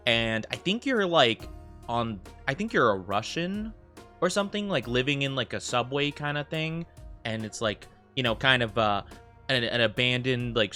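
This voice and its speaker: A man's voice: medium pitch, bright, forceful tone. An American man streaming a game, chatting casually and rambling with lots of filler words. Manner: rambling, heavy use of fillers like "like". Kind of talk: casual livestream chat.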